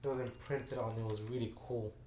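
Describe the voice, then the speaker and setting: A man's voice: mid-range voice, steady tone, fast talker, warm tone, slight background noise. A man casually telling a story to his channel's viewers, rambling, with lots of fillers and restarts. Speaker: gaming channel host. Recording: echoey room.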